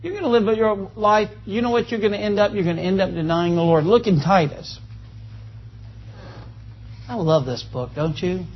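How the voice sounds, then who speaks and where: A man's voice: high voice, moderate pace, long pauses, dull audio, a little hiss or hum. A man preaching a sermon, folksy and joking, asking the congregation for amens. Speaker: pastor. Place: church.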